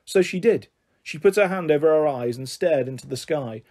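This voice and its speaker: A man reading a children's book aloud in a steady, expressive way. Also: a little high, normal speed. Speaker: narrator.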